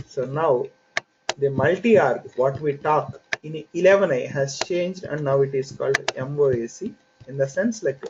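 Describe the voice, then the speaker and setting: A man teaching an online software training class, explaining concepts step by step in an unhurried way with frequent fillers. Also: a little high. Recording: dull lo-fi audio with faint hiss.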